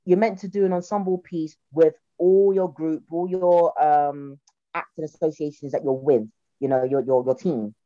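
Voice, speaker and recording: A woman's voice: sits low, moderate pace, no room sound, muffled recording. A young woman with a South London accent chatting casually, telling stories and acting out quoted voices. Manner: animated storyteller, acts out quotes in voices. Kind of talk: casual chat.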